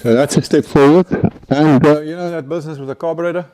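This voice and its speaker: A man's voice: a little high, fairly even intonation, fast, warm tone. A man with a South African accent hosting a casual workshop vlog, chatty and upbeat, often ending lines with "eh". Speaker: vlog host restoring an old truck.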